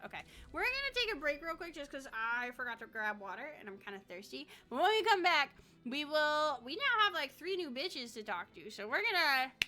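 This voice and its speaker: A woman's voice: high-pitched, bright, forceful tone. A woman streaming a game with casual, crude, joking commentary.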